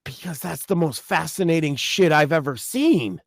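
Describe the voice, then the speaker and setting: A man's voice: a little high, lively intonation, moderate pace, creaky, dry recording, studio quality. A man co-hosting a podcast in casual chat, ranting emphatically and swearing as he tells a story. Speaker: podcast co-host.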